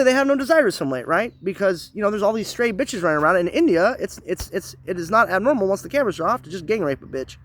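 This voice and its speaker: A man hosting his own channel, delivering a profane, emphatic solo rant from the United States. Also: a little high. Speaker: channel host.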